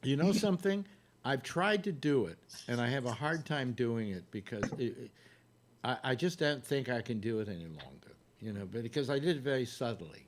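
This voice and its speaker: An older man hosting a casual panel chat, telling stories in a rambling way with halting restarts and laughs. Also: mid-range voice, lively intonation, a little hiss or hum. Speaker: radio talk show host.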